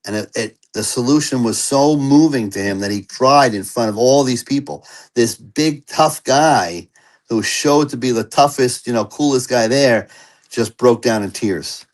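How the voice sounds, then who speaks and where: A man's voice: medium pitch, rough recording. Earnest man telling his recovery story. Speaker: interview guest. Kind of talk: personal recovery story in an interview.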